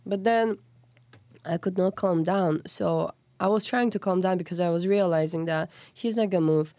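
A woman telling a story as a podcast guest, acting out quotes in a higher voice. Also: normal speed, dry recording. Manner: animated, acts out quotes with rising pitch. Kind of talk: casual storytelling.

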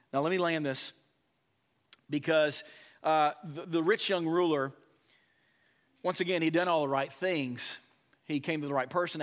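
A middle-aged man, a pastor, preaching a sermon with animated emphasis that drops to hushed softness. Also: medium pitch.

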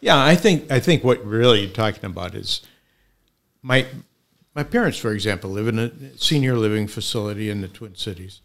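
A man's voice: on the low side, animated, fairly quick, fairly bright tone. An older man, a podcast guest, talking in a laid-back way with dry humor. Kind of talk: casual conversation.

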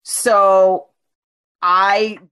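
A woman's voice: very slow, clean tone. A woman from New Jersey telling a personal story as a guest in a casual chat, acting out other people's lines. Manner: animated, acts out quoted voices with big pitch jumps.

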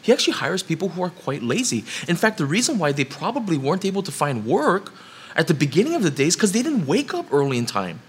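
Animated male preacher with lively pitch. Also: fast, a little hiss or hum. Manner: animated, rising to emphatic rhetorical questions. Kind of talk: sermon.

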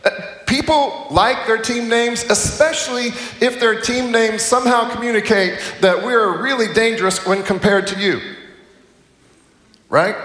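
A man's voice: high-pitched, a little slow, a bit bright. A middle-aged man giving a chapel sermon in a conversational, self-correcting way with humorous asides. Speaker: chapel speaker. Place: large chapel hall. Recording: echoey hall, distant mic.

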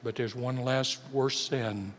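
A man preaching a sermon as pastor, swinging dramatically between booming and hushed delivery. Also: fairly even intonation, slow pace, a little hiss or hum. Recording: long church hall reverb.

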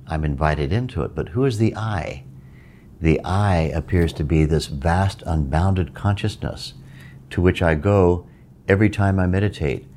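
A man with an exceptionally deep voice speaks slowly and reflectively, teaching meditation in an unhurried, measured way. A faint background hiss sits under the recording. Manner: calm, measured, reflective delivery. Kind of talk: spiritual talk.

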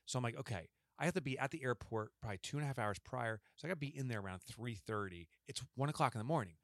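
A man's voice: medium pitch, animated, racing, dry recording. Guy cohosting a podcast, chatty storyteller, acts out the quotes, dry close mic. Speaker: podcast co-host. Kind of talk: casual storytelling chat.

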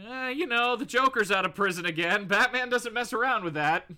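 A man's voice: extremely high pitch, fairly quick, pushed and bright. A man co-hosting a casual podcast, animatedly retelling a comic and laughing often. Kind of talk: casual chat.

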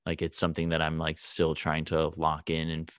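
Man, low pitch, dry recording, casual podcast chat, candid, rambling. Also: monotone, moderate pace, a bit bright, clean tone, dry recording. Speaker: podcast guest.

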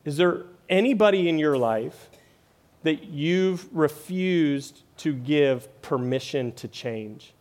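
Man, pastor, sermon, conversational, fairly high voice, says "right?" a lot.

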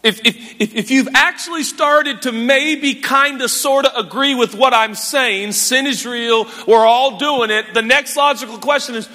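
A man preaching a sermon in a church, animated and self-mocking, with quick asides. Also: extremely high pitch. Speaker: pastor. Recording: echoey church hall.

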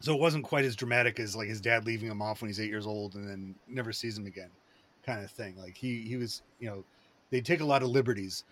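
A man talking in a rambling, excitable way, with lots of fillers and restarts, in a casual chat. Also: lowish voice, fast talker.

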